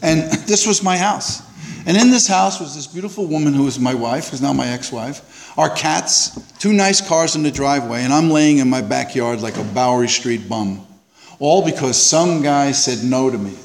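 A man speaking to a live audience, telling a personal recovery story in an animated way and acting out the voices of the people in it. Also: medium pitch, normal speed, a little hiss or hum. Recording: reverberant hall.

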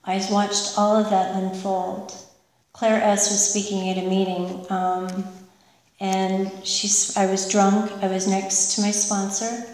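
Woman telling her story, pretty monotone, candid and emotional, far off in a big echoey hall. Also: mid-range voice. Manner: candid, emotional, halting with fillers. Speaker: recovery meeting speaker. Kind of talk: personal testimony.

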